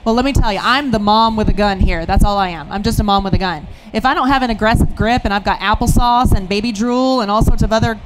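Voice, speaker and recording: A woman instructor speaking on a panel in a chatty, humorous, animated way. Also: a little high, heavy background noise. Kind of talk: panel discussion.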